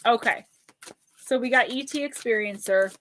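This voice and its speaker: A fairly high-pitched woman chatting casually on a live stream as she gives oracle card readings to viewers. She talks to them by name in an affectionate, easygoing way and slips into a slow, soothing delivery when reading card messages aloud. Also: fairly bright tone, a little hiss or hum.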